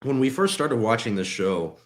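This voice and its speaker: A man's voice: medium pitch, animated, moderate pace, echoey room. A man from Texas co-hosting a casual podcast, rambling with many restarts and fillers. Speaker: podcast co-host.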